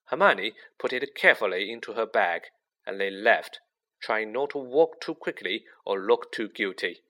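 A man reading a children's novel aloud as narrator, with lively expression. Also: lowish voice, normal speed. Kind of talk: audiobook reading.

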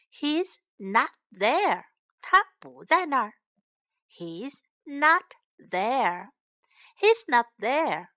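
A woman reading a children's story aloud, giving each English line and then its translation, with lively voices for the characters, and later repeating English phrases slowly for young learners. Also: high-pitched, dry recording.

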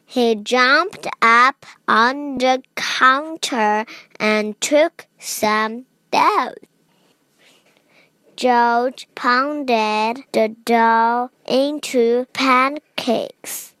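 A woman whose first language is Chinese, reading an English children's picture book aloud with careful, deliberate phrasing, then chatting with young listeners as the host. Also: fairly high pitch, pushed and bright, smooth, no room sound. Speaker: storybook reader, host.

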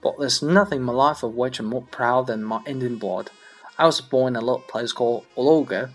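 Male reader, Chinese native speaker, husky mid-pitched voice, comic monologue with folksy storytelling emphasis. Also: brisk. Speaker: English learner practicing accents. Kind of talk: reading a comic monologue aloud.

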